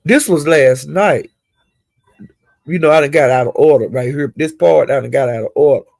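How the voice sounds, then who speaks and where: A man giving a casual, rambling gossip recap of livestreams, with animated retelling and frequent asides. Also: fairly high pitch, normal speed, creaky, no room sound.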